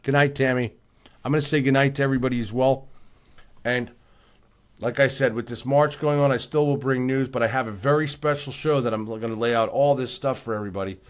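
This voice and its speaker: A man's voice: medium pitch, steady tone, a little fast. Male livestream host, worn out, keeps repeating his points, reads out viewer names, mid-range voice. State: tired, yawning. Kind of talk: casual livestream chat reading viewer comments.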